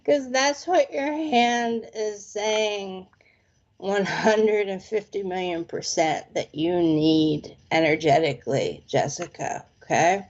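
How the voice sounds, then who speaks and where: A woman's voice: mid-range voice, slow pace, darkish tone, highs cut off. A woman doing a casual live palm reading, chatty and playful with slangy phrases. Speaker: psychic palm reader.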